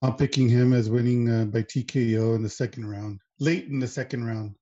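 A relaxed man talking casually on a podcast, easygoing and quick to laugh. His voice is mellow and warm. The audio sounds slightly dull, like a lo-fi recording. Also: medium pitch. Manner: laid-back, laughs often, uses filler words. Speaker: podcast co-host. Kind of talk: casual chat.

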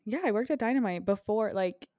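A woman's voice: medium pitch, mellow, dry recording, clean studio sound. A woman, co-hosting a casual podcast in a teasing, chatty way. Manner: quick, chatty, teasing, many fillers. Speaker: podcast co-host. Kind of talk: casual chat.

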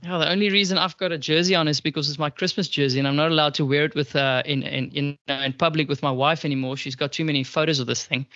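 Bright South African man hosting. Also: on the high side, fairly even intonation, fast, hardly any pauses, dry recording. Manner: chatty, stumbling over words. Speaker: podcast host. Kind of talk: casual hosted chat. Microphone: video call. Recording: muffled video call audio.

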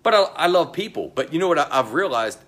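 A middle-aged man, the pastor, delivering a sermon in a slow, emphatic way, pausing often and dropping to a low voice, with chatty asides to the congregation. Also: big pitch swings. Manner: slow, emphatic delivery with pauses and sudden drops to a quiet voice.

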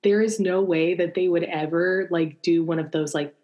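A young American woman chatting as a podcast guest, talking fast and easy and laughing as she goes. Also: fairly low pitch, fairly even intonation, darkish tone. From United States. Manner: chatty, laughing, many likes. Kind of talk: casual chat.

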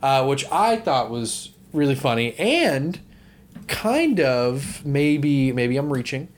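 A man's voice: mid-range voice, big pitch swings, slow pace, a little hiss or hum. A young man co-hosting a casual movie podcast, rambling and swearing freely. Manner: rambling, swears, laughs often. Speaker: podcast co-host.

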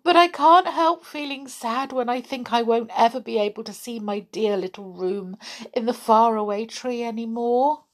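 A woman reading aloud and voicing a gentle, tearful fairy girl in a children's story. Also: on the high side, slow, voice pushed up. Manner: soft, sobbing.

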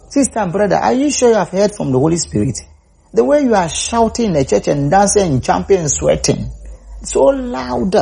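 Male preacher, mellow husky voice, emphatic and repetitive. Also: sits high. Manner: rising to emphatic calls, repeats words. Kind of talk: sermon.

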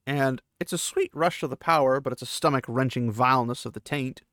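A man's voice: mid-range voice, a little fast, a bit bright, no echo, clean studio sound. A man hosting a podcast, casually retelling a novel chapter in loose, chatty paraphrase with fillers. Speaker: podcast host.

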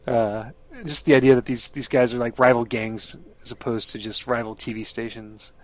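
A man's voice: mid-range voice, little pitch movement, moderate pace. A man chatting casually as a podcast co-host, rambling, laughing often and swearing freely. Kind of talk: casual chat.

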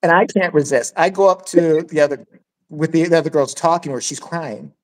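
A woman's voice: sits low, brisk, a little mellow. A woman hosting a podcast, telling a crude, blunt story in casual chat and swearing freely. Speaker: podcast host.

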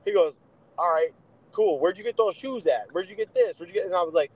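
A man's voice: high-pitched, lively intonation, quick pace, a little mellow, slightly rough, low-quality recording. A young man co-hosting a podcast, telling boxing stories in a blunt, profane, casual way. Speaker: podcast co-host, boxer.

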